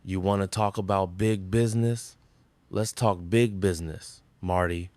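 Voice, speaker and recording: An actor playing a gruff, blustering middle-aged diner cook in a sitcom. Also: male voice, low voice, steady tone, a little slow, a little mellow, no echo. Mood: boastful. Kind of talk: sitcom acting.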